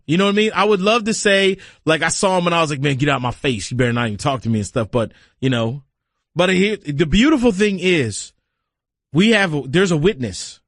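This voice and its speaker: A man co-hosting a casual podcast in a studio, a lively storyteller who acts out quoted lines. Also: high-pitched, no room sound. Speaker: podcast co-host, former caddie.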